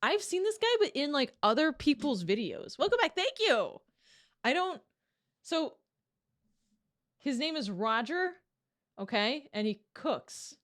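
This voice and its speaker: Lively, high-voiced young woman streamer. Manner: chatty, curious, laughs often. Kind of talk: casual reaction stream chat.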